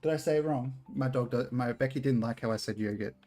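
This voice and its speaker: A man's voice: medium pitch, fast talker, mellow, soft background music. An Australian man streaming a game, rambling casually, swearing freely and joking at his own expense. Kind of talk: casual live-stream chat while playing.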